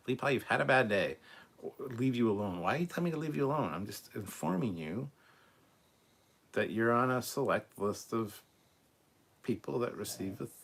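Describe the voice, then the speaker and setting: A man hosting a live stream, reading out viewer comments and giving blunt, opinionated answers, often clearing his throat and stumbling over words. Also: fairly low pitch. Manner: blunt and opinionated, swears casually. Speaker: host of a live show.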